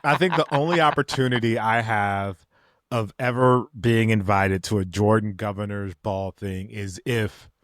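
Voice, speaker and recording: A man's voice: on the low side, no echo, studio quality. A middle-aged man co-hosting a podcast in casual chat, joking about himself. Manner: joking, self-deprecating. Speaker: podcast co-host.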